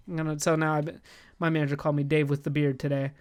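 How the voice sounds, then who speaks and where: A young man co-hosting a podcast, telling a work story in casual chat, animated and swearing freely as he acts out both sides of a conversation. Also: fairly high pitch, fast, clean tone. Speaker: podcast co-host.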